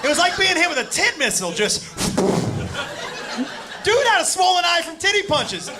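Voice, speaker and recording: A man doing stand-up, telling a story in a loud, profane, excitable way to a live crowd. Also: very high-pitched. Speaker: stand-up comedian. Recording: live stand-up clip with audience laughter and noise. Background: audience laughing.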